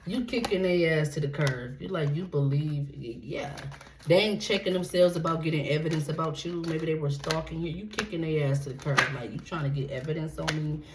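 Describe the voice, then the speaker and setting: A woman giving a tarot reading, blunt and profane, checking in with "okay?" after nearly every point. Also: low-pitched. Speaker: tarot reader. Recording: echoey room with steady background noise.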